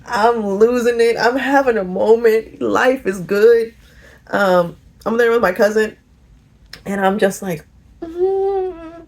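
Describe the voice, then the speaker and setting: A middle-aged woman chatting casually in a get-ready-with-me vlog, telling a lively story with laughter. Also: fairly high pitch, measured pace. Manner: animated storytelling, laughing and singing along. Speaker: vlogger.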